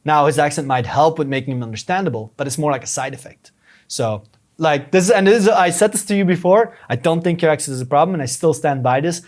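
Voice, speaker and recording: Young man, non-native English accent, earnest podcast guest, slightly high voice, frequent restarts. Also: fast. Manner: earnest, explains step by step with many restarts. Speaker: podcast guest, YouTube strategist. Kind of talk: casual advice talk.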